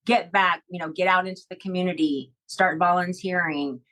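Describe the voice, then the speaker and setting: A woman's voice: on the low side, steady tone, normal speed, a bit bright, poor audio. A middle-aged woman telling a personal story in a podcast interview, heartfelt and rambling, with many fillers and restarts. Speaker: guest.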